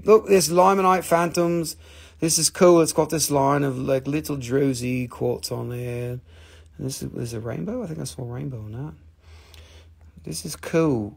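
A man hosting a casual live-stream sale, excitable and joking with viewers, swearing freely. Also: fairly high pitch, vocal fry. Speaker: live-stream mineral seller.

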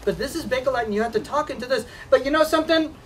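A man's voice: very high-pitched, racing, recorded from a distance, slight background noise. Playful man demonstrating to schoolkids. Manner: teasing, jokey, laughs often. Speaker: museum presenter. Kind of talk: playful classroom demonstration for children. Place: school room with children.

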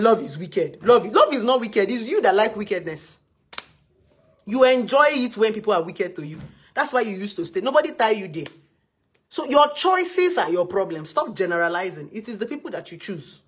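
A woman's voice: mid-range voice, breathy edge. A woman with a Nigerian accent giving blunt, scolding relationship advice in a live video session.

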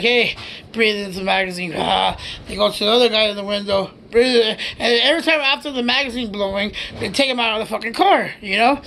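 Gravelly man telling a rambling story. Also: high voice, pushed and bright, a little hiss or hum. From United States. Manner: profane, rambling, laughs while telling. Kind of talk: casual storytelling.

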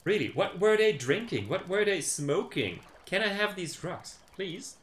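A young man reads a folk tale aloud on a stream in a casual storytime session, tossing in playful, sarcastic joking asides. His voice is high-pitched and expressive, and he takes his time. The recording has a roomy echo and faint background ambience.

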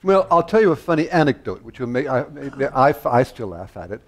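A man's voice: mid-range voice, sing-song, fairly quick. An older American conductor and harpsichordist, a guest on stage at a public talk, telling anecdotes animatedly and laughing, often restarting his sentences. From United States.

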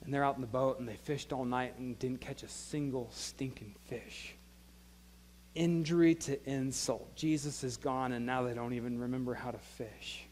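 Pastor preaching with hall reverb. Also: male voice, medium pitch, moderate pace, darkish tone, slight background noise. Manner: retells scripture in casual dialogue, acting out voices. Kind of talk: sermon. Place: church sanctuary.

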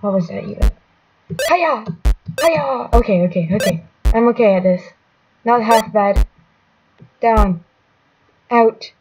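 A woman's voice: medium pitch, fairly even intonation, measured pace, long pauses, noisy background. A woman commenting on her own gameplay, muttering to herself and mocking herself, with sudden exclamations. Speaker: gaming channel host. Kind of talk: let's-play gameplay commentary. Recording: loud electronic game music behind.

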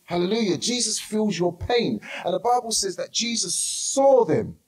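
London pastor, man in his forties, high voice, storytelling sermon full of "hallelujah". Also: big pitch swings, moderate pace, poor audio. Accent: London English. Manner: emphatic repetition, sometimes shouting. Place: church hall.

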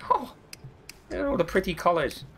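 A man's voice: high voice, wildly swooping pitch, moderate pace, a bit bright, a little hiss or hum. Man with a cold, swearing. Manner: chatty, swears often, self-mocking. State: has a cold. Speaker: gaming video host. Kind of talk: let's-play commentary.

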